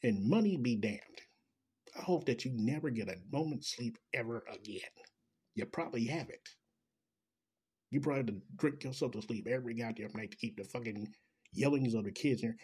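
A man in full rant, swearing through nearly every sentence and dripping with sarcasm. His voice is husky and breathy, sitting at an ordinary middle pitch for a man. He talks straight at his audience, heated and scornful. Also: moderate pace, darkish tone. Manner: angry, profane, sarcastic. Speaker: commentator. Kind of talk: ranting commentary.

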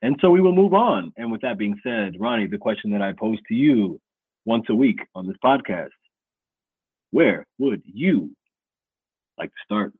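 A man hosts a casual sports podcast, giving playful hype-man introductions and chatting loosely about football. His lowish, husky voice is sing-song, at normal speed with long pauses. The recording is narrow and phone-like, with no room sound.

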